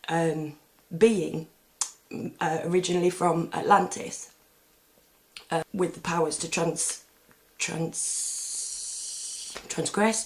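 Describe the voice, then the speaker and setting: A woman talking casually to camera in a meandering, chatty way, full of ums and restarts. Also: lowish voice. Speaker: vlogger. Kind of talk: casual rambling monologue.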